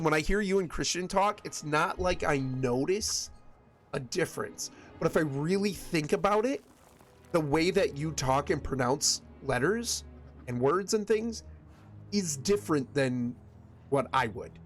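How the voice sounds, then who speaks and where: A man with a Michigan accent and a slightly raised pitch talks casually with his stream chat while he games. He rambles from thought to thought and often backs up to restart a sentence. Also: expressive, normal speed, faint music behind. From West Michigan. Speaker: game streamer.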